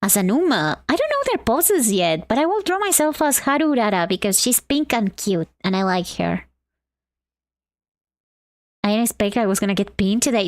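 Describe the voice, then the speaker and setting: A woman's voice: medium pitch, big pitch swings, moderate pace, no room sound, studio quality. A woman from Argentina streaming live while drawing, chatting in a bubbly way and greeting her chat.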